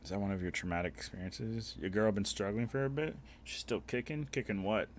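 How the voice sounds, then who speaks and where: Brisk and on the low side, this streamer rambles through casual banter packed with crude jokes, swearing, fillers, and restarts. Slight background noise is audible.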